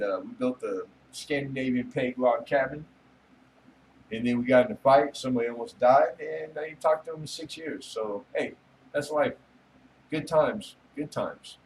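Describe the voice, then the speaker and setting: A man's voice: medium pitch, darkish tone, slight background noise. Man, livestream host, casual and crude, mid-range voice, slightly distant mic. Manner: rambling, joking, laughs often, swears casually. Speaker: livestream host chatting with viewers. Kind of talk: casual late-night livestream chat.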